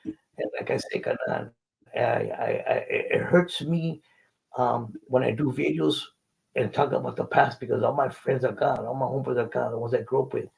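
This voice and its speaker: A man's voice: medium pitch, normal speed, creaky, darkish tone, slightly rough, low-quality recording. An older man, telling a faith testimony in an interview and acting out the dialogue earnestly. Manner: earnest storytelling, acts out dialogue. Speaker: guest.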